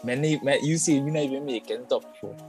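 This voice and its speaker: A man's voice: medium pitch, quick pace, darkish tone, soft background music. A man, co-hosting a casual football podcast, arguing his side and drawing out key words. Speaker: podcast co-host.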